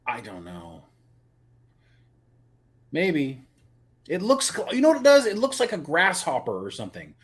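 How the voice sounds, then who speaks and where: A man co-hosting a live review podcast, chatting casually and getting animated as he makes his points. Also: on the high side, breathy edge. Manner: animated, opinionated, repeats words when excited. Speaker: podcast co-host.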